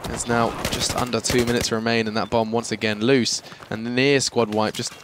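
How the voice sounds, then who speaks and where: A man doing live esports play-by-play commentary, quick and joking in banter with a co-caster. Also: mid-range voice, little pitch movement, noisy background. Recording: game gunfire loud behind voice.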